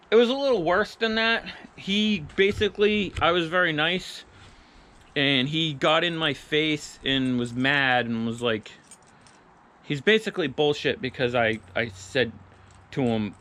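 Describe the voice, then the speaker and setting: Brief: casual male vlogger, mid-pitched, plain-spoken rant, swears freely. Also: pushed and bright, a little hiss or hum. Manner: blunt, profane, retells arguments with quoted dialogue. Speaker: truck build vlogger. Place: garage or shop.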